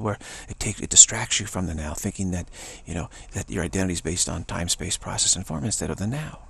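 An older man gives a meandering spiritual talk, circling back and repeating his points. His voice is low, deeply gravelly and husky. He now and then drops into a whisper for emphasis. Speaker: spiritual teacher.

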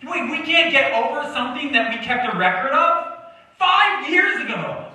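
Recorded at a distance in an echoey church hall, this young pastor preaches with a very high-pitched, bright, forceful voice at normal speed. His intonation is lively, and his joking, conversational sermon gets the congregation answering back.

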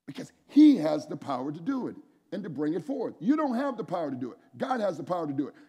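A man preaching an energetic sermon at a men's conference, calling on the crowd to answer back and raise their hands. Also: a little high, fast talker, slightly rough. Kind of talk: energetic sermon with call-and-response. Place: large church hall with an audience. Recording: echoey hall, long reverb.

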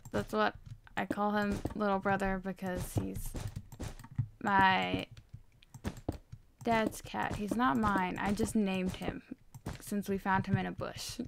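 A woman's voice: medium pitch, vocal fry, a little hiss or hum. A young woman chatting through a building game, rambling and poking fun at herself. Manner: chatty, self-mocking, rambling. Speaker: gaming channel host. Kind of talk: casual gameplay commentary.

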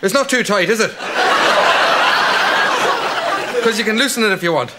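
An actor playing a dim, innocent young Irish priest who blurts things out simply. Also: male voice, sits high, expressive, racing, over a noisy crowd. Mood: clueless. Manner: naive, blurting, simple-minded. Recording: noisy TV sitcom audio.

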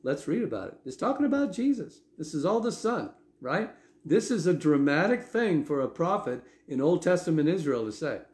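A man preaching a sermon in a conversational way, often checking in with his listeners with a quick "okay?". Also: on the high side, sing-song, a little mellow, echoey room. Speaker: pastor.

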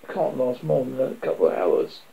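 A man voicing a steady, level-headed young man in a read-aloud story. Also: medium pitch, moderate pace, gravelly, phone-quality sound. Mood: explaining.

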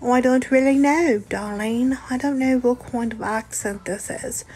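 A woman's voice: on the high side, a little slow, darkish tone, breathy edge. A woman putting on a fake British-ish lilt. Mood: playful. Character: woman in a vague British-Australian accent.

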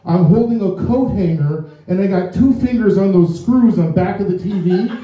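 A man's voice: high-pitched, moderate pace, dark tone. A man doing a stand-up comedy set, rambling through his stories in a self-mocking way in front of a live audience. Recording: echoey club from far off.

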